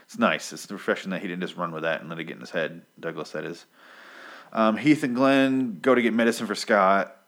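A man with a very low, deep voice talks through a comic book recap in a loose, rambling way. He swears freely and jumps up in pitch whenever he acts out what a character says. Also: fairly quick. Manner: profane, rambling, animated quoting of characters. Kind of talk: casual recap talk.

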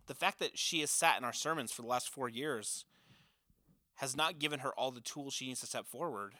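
A man's voice: mid-range voice, brisk, pushed and bright, dry recording, studio quality. A man in his thirties, a youth pastor, giving an earnest, conversational training talk to volunteer leaders with many filler uhs.

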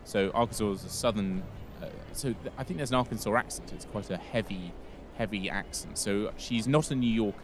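A man's voice: fairly low pitch, fairly quick, few pauses, noisy background. An English man hosting a casual history podcast, rambling and correcting himself as he goes. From England. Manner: rambling, self-correcting, chatty. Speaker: podcast host.

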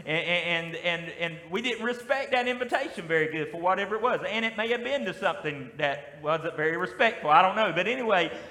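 High-voiced Southern preacher in echoing hall. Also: male voice, brisk, few pauses. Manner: lively call-and-response preaching. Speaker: pastor. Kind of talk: sermon. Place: church sanctuary. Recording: echoey hall with long reverb.

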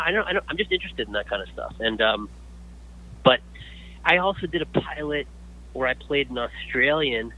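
A man, a guest actor, telling stories in a casual interview, lively and full of restarts. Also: mid-range voice, a little fast, pauses often, lo-fi sound. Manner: animated storyteller with many restarts.

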